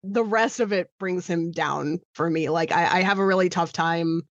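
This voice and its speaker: A woman's voice: lowish voice, normal speed, no room sound, muffled recording. A woman co-hosting a horror movie podcast in casual chat, laughing between points. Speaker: podcast co-host.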